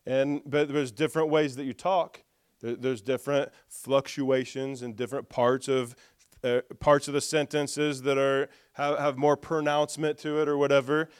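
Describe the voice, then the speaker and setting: Male preacher, animated storyteller, smooth resonant tone, slightly high, dry close sound. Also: normal speed, dry recording. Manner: lively storyteller who acts out dialogue with humor. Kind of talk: storytelling sermon.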